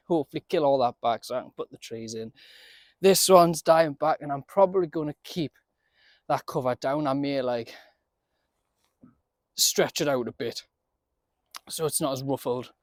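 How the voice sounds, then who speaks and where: A man's voice: medium pitch, normal speed, pauses often, dry recording, clean studio sound. Chatty man gardening outdoors. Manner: chatty, talks to himself, laughs often. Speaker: allotment gardener vlogger. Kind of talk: casual running commentary while working.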